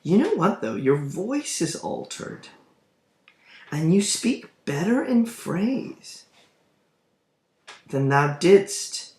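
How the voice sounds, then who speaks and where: A doubting, grieving old nobleman who has lost his sight, as a lecturer reads him aloud, pitched up and pleading. Each line is drawn out slowly in a roomy, echoing space. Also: very animated, a little mellow, exaggerated voice. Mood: wondering. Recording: roomy echo.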